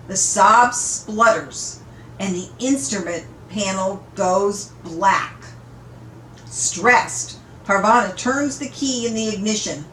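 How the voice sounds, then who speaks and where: A woman reading a novel aloud in an unhurried, amused storytelling manner, in an echoey room. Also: medium pitch, a bit bright, a little hiss or hum. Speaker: audiobook reader. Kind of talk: read-aloud story narration.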